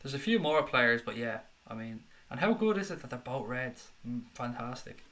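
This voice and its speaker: Young male stream host, bright voice, excitable casual chat reading viewer comments. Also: medium pitch, normal speed. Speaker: football fan channel host. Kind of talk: live-stream chat reaction.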